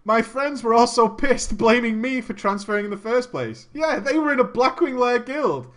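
A man telling a comic gaming story in an animated way, laughing and swearing often. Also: very high-pitched, moderate pace.

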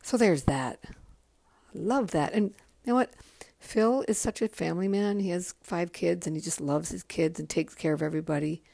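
Low-voiced, profane woman podcaster. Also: vocal fry, mellow, no echo. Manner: candid and profane, rambling with frequent ums. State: tired, yawning. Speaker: podcast host. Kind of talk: casual solo podcast chat.

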